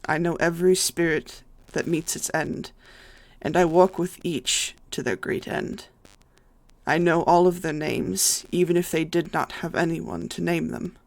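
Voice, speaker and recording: A game master voicing a hushed, gravelly lich-saint. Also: mid-range voice, little pitch movement, measured pace, dry recording. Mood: solemn hushed. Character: towering lich-like saint who guides souls of the dead.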